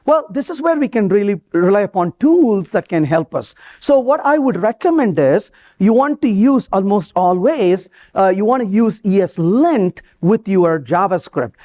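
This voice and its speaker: A man giving a live technical talk at a conference, lively and joking, asking the audience questions. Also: high-pitched, normal speed, few pauses. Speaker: conference speaker. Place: conference hall before an audience.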